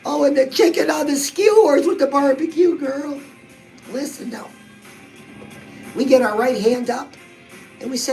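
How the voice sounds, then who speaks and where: A woman's voice: high-pitched, moderate pace, pauses often, a little mellow, soft background music, poor audio. A woman coaching on fitness and weight loss in a bubbly, chatty, motivational way, talking straight to her listeners. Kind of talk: upbeat motivational vlog.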